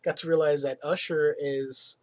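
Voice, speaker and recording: A man hosting a podcast, telling casual anecdotes from his old job in an animated way. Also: on the high side, moderate pace. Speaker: podcast host. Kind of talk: casual storytelling monologue.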